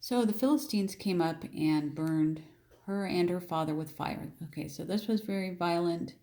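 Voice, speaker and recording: A woman teaching a Bible story in a loose, chatty way, rereading verses and thinking aloud as she explains them. Her voice sits fairly low for a woman and sounds mellow and relaxed. She punches out quoted lines with sudden emphatic lifts. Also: moderate pace. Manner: chatty, thinking aloud with restarts and repeated phrases; plays out the figures' lines with raised, emphatic voice. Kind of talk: casual Bible reading and explanation.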